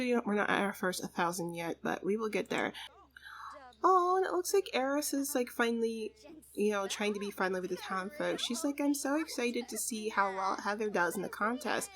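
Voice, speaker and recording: Woman doing laid-back let's play commentary, chatty, lots of "like" and "you know". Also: mid-range voice. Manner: chatty, laughs often, says "like" and "you know". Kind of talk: casual gameplay commentary.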